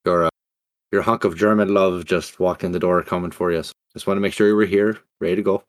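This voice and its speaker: A cheeky, teasing wingman, played by a man in a tabletop role-play. His voice sits very low and sounds close and dry. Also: fairly even intonation, fast, no room sound, natural voice. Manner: joking, teasing.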